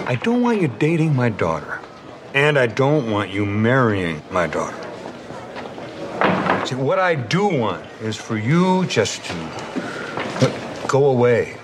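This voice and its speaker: Slow-talking intimidating cop dad, tv clip, noisy background. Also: male voice, mid-range voice. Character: stern police detective father, middle-aged, menacing. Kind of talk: TV drama acting.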